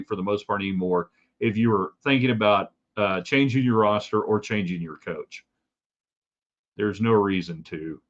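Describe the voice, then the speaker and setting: A man's voice: medium pitch, lo-fi sound. Opinionated male sports talk host. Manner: opinionated, rambling with asides. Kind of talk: live sports talk stream.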